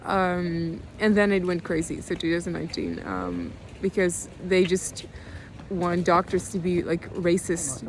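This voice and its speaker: Often on the edge of tears, a young woman in her 20s with a Dutch accent speaks calmly and quietly in a personal video diary, hesitating with many pauses and restarts. Slight noise lingers in the background.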